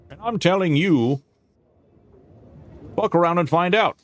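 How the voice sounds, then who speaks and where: A man putting on a voice for his pet pug as a small dog with gruff, threatening bravado. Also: high voice, unhurried, slight background noise, voice pushed up. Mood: mock threat. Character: tough-talking little male pug dog.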